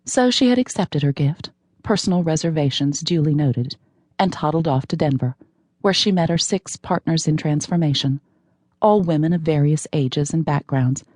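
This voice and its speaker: A woman narrating a novel with wry, measured scripted narration on a close studio microphone. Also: low-pitched, a little mellow, no room sound. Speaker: audiobook narrator.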